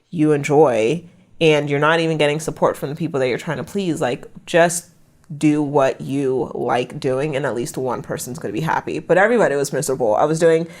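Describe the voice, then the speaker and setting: A young American woman telling her own story frankly as a podcast guest, talking in a candid, animated way. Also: low-pitched. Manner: frank, animated retelling with laughter. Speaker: podcast guest, branding specialist.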